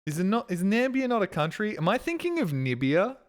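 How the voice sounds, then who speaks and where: A man with a high voice, big pitch swings and a brisk pace streams a video game. His casual commentary is goofy and self-mocking, with plenty of swearing.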